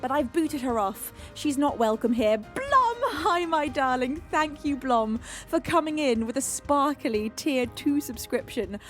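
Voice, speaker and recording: A young British woman hosts a live music stream and fondly greets her chat one name at a time. Her voice sits high and she keeps an effusive, doting tone, with faint music behind her. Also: unhurried, few pauses. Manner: effusive and affectionate, reading out chat names. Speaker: streamer and singer.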